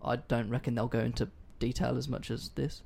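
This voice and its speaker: A man's voice: medium pitch, level tone, fairly quick, creaky, a little mellow, slight background noise. A man hosting a casual history podcast, telling the story in a loose, sweary, joking way. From not American. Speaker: podcast host.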